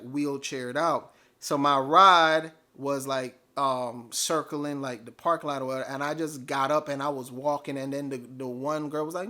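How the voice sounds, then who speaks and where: A man telling a personal story casually, animated and full of fillers. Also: medium pitch. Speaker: vlogger.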